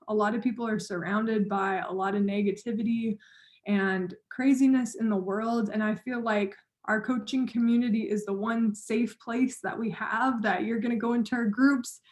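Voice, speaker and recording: A woman's voice: on the high side, a little mellow. A woman training her team of coaches, talking in an upbeat, encouraging way straight to her listeners.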